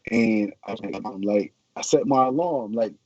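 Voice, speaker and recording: A man's voice: lowish voice, moderate pace, warm tone, no echo. A man, a former pro football player, telling a story animatedly on a video call, acting out quotes with many restarts. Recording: muffled call audio.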